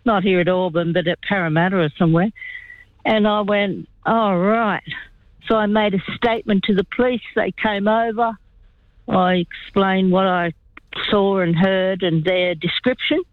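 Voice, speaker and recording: An older woman phones in to talkback radio and tells a long story in a rambling, chatty way. Her voice comes through a narrow, tinny phone line that sounds dry and close, at a middle pitch. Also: steady tone, moderate pace, dry recording. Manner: rambling, chatty, lots of "you know". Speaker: caller.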